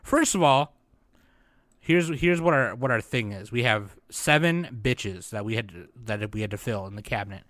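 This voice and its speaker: A man's voice: fairly low pitch, lively intonation, moderate pace, fairly bright tone, no echo, studio quality. A young man co-hosting a podcast, chatting in a loose, rambling and profane way. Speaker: podcast co-host. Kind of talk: casual chat.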